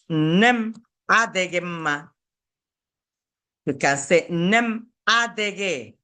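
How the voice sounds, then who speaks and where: A language teacher, an Igbo speaker, patiently teaching a beginner class and repeating each phrase slowly for learners. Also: mid-range voice, bright, forceful tone.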